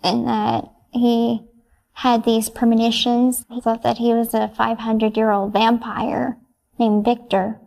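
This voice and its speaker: Soft-spoken hesitant young woman, gravelly. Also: on the high side, flat delivery, a little slow. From United States. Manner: soft, hesitant, brief answers with many ums. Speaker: interviewee. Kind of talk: answering interview questions.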